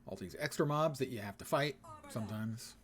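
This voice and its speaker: A man's voice: medium pitch, brisk. A man streaming a game, commenting casually with dry sarcasm and playful wordplay.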